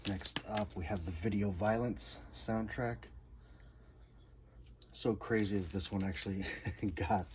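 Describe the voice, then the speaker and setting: This is a relaxed show-and-tell of a man's record collection, full of repetitive, enthusiastic one-liners. His voice runs on the low side with a steady tone, a little slow and with frequent pauses, against noticeable background noise.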